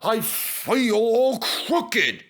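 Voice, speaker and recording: A man's voice: sits high, sing-song, slow, pitched above the performer's own voice, exaggerated voice. A man voicing an old male engine who is proud and stands for no nonsense, speaking firmly. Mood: weary. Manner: firm, scolding.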